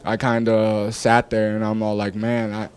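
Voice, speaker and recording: A young man, a rapper guest on a podcast, telling a story from his past in a loose, animated way, cursing freely and acting out what people said. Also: on the low side, moderate pace, clean tone. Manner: animated storyteller, curses freely, acts out dialogue. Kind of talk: casual storytelling interview.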